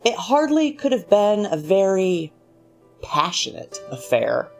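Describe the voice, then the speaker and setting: A woman's voice: medium pitch, sing-song, slow pace. A woman reading a husband's lines, a middle-aged man with an irritable, needling way of talking. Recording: faint music underneath.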